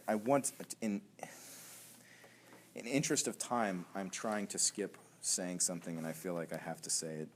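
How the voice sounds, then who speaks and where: A man preaching as a young adults pastor, telling stories in a chatty, animated way with laughter. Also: sits low, slight background noise. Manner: conversational, animated storytelling with laughs and acted voices. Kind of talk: sermon teaching.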